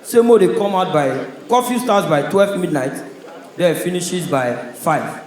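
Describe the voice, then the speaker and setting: A man with a Nigerian accent doing a stand-up comedy set on a stage, telling stories in a loud, punchy way. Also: high voice, animated, unhurried, reverberant, rough recording. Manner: loud, punchy storytelling in pidgin.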